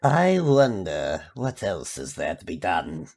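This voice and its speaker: A man chatting casually while he streams a game, rambling and poking fun at himself. His talk is slow and unhurried, with a gravelly rasp. His pitch swings widely as he drops into silly voices. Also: huge pitch swings, a little mellow. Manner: rambling, self-mocking, with playful voice bits.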